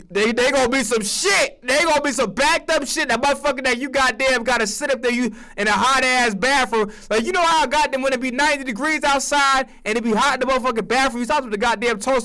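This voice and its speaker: A man with a fairly high voice rants about football in a loose, profane way. He jumps into acted-out conversations with different voices, swearing freely and talking with lots of energy. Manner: animated, profane, acts out imagined conversations. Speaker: sports streamer. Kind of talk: profane casual sports rant.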